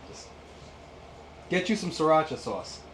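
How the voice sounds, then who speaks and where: A man's voice: a little high, sing-song, unhurried, fairly bright tone, slight background noise. A man in his thirties restringing a guitar in a casual how-to vlog, ranting with sarcastic, exasperated swearing. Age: 30s. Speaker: YouTube host.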